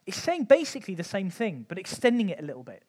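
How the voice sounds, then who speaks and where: Church teacher, male, higher-pitched, chatty and informal, lots of ums. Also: wildly swooping pitch, quick pace, a little mellow. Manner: conversational, frequent ums, light humour. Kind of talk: informal Bible teaching talk.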